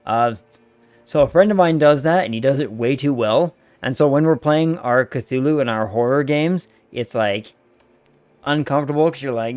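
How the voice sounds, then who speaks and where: A man's voice: medium pitch, normal speed, darkish tone, dry recording. A man streaming a game, chatting loosely with viewers and swearing casually. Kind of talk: casual gaming stream chat.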